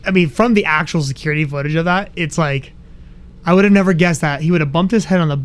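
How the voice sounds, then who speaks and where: Quick-talking wry man co-host. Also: on the high side, clear, resonant tone. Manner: wry, quick, laughs often. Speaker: podcast co-host. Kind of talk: casual recap chat.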